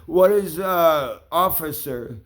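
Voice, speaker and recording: A man's voice: on the high side, animated, slow, a bit bright. A man in an angry, profane rant, accusing and swearing at the people he addresses. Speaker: vlogger.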